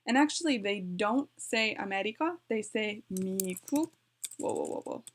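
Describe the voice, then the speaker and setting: A language-learning vlogger gives a casual beginner tutorial at home with her dog nearby, chatty and correcting herself while she types. Her voice is mid-pitched and expressive at a moderate pace.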